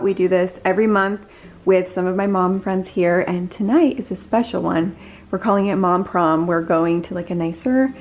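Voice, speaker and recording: A woman's voice: mid-range voice, a little mellow. A woman in her thirties, a chatty and upbeat vlogger who laughs easily as she talks to her viewers. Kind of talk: casual vlog chat.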